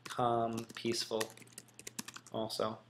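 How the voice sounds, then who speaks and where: A man's voice: medium pitch, completely flat delivery, takes it slowly, vocal fry, a bit bright, slight background noise. A man teaching in a casual, musing way, thinking aloud with frequent ums. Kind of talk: casual classroom explanation.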